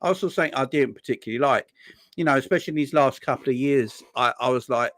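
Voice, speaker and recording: A man hosting a football fan chat, talking in a calm, conciliatory, laid-back way. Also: mid-range voice, fast talker, no room sound. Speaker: fan channel host.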